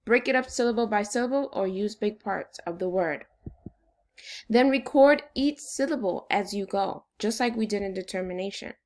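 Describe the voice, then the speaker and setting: A woman's voice: mid-range voice, darkish tone. Patient woman teaching second graders. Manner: clear, patient, encouraging, slow dictation of words. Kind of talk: recorded phonics lesson for children.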